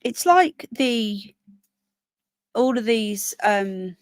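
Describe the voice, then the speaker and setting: A little high and animated, she draws out her words, with no room sound in the recording. She's hosting an easygoing live stream, tired and yawning, chatting over comments and breaking off between points for her pets.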